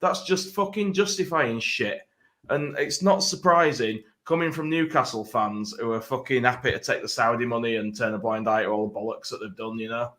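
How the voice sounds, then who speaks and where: A man's voice: mid-range voice, brisk, pushed and bright. Sweary laughing podcast man. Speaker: podcast co-host. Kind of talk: casual chat among mates.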